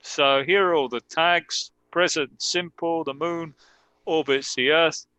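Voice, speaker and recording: A man teaching an online English grammar lesson, reading example sentences deliberately and correcting himself aloud as he goes. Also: fairly high pitch, steady tone, pushed and bright, clear, resonant tone, dry recording, low-quality recording.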